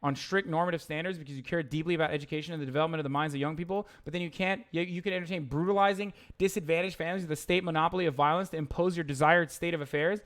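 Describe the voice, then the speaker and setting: A man's voice: on the high side, fairly even intonation, racing, hardly any pauses, a bit bright. A young man streaming live, reading chat aloud and ranting in a heated, profane, rambling way with frequent restarts. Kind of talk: livestream reading chat and commenting.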